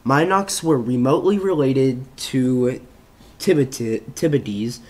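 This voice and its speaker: A man hosting his channel, reading a reference page aloud in a halting way, stumbling and restarting words, with offhand asides between passages. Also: mid-range voice, a little mellow. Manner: halting reading with frequent restarts and self-corrections. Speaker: channel host.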